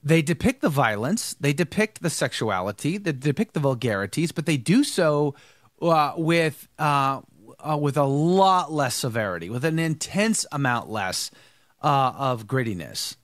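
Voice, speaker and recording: Animated, lively-pitched male host. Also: a little slow, no room sound, studio quality. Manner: animated, rambling, repeats words. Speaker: show host. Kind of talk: live-stream commentary and chat.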